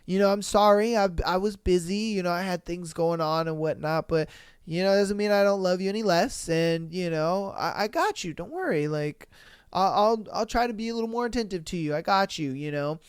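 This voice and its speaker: A man voicing an apologetic young man who talks in a low, easygoing, placating way. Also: normal speed, clear, resonant tone, no echo, clean studio sound. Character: apologetic young man, laid-back and soothing.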